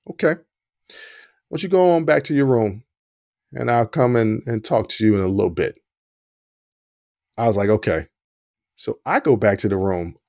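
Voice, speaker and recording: A man's voice: medium pitch, no room sound, studio quality. A man hosting a podcast, telling a personal story and acting out the voices in it. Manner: animated storyteller, acts out quoted dialogue. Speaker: podcast host.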